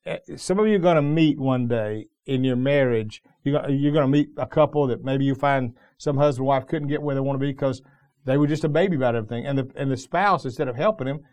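A man's voice: mid-range voice, fast talker, darkish tone. A middle-aged man preaching a sermon as pastor, telling the story in a loose, conversational way with frequent restarts.

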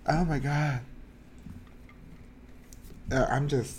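A man chatting casually on a podcast, excitable, swearing often and laughing a lot. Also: a little high, very slow, a little hiss or hum. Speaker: podcast co-host. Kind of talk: casual chat.

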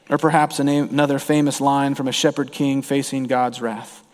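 A man's voice: mid-range voice, little pitch movement, a little fast, in a large hall. A man preaching a sermon as a pastor, earnest, with his voice rising and falling for emphasis.

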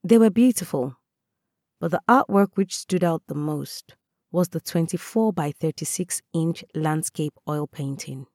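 A woman reading a first-person story aloud in a calm, measured way. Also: low-pitched, dry recording, studio quality. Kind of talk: scripted first-person narration.

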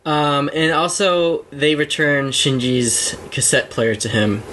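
A man's voice: a little high, steady tone, takes it slowly, a bit bright, a little hiss or hum, poor audio. A man co-hosting a podcast in casual chat, rambling and searching for words. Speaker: podcast co-host.

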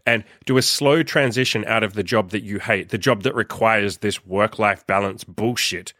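A man's voice: on the low side, moderate pace, fairly bright tone, no room sound. Young man, solo podcast rant, blunt and profane, fired-up, dry close sound. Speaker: podcast host and coach. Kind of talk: ranting solo podcast monologue.

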